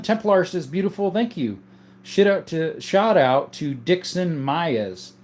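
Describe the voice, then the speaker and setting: A man with a somewhat high voice hosts a relaxed livestream. He reads viewer messages out loud and answers each one in an offhand, chatty way. His replies come with plenty of "uh" and "um" filler. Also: measured pace. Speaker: livestream host of a gun channel. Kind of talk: casual livestream chat reading viewer comments.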